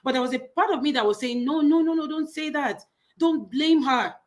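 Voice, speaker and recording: A woman's voice: high voice, fairly quick. A woman with a Nigerian accent, co-hosting a casual gossip chat, talking emphatically and mockingly and repeating words. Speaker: co-host.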